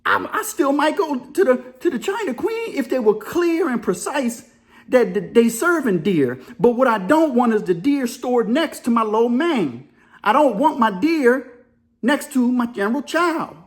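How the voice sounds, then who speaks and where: A man's voice: extremely high pitch, very animated. A middle-aged man with a New Orleans accent, reacting to a news story in casual, slangy talk. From Louisiana, New Orleans area. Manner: casual storytelling, drawling slang, quick laughs. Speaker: commentary video host. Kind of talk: reaction commentary.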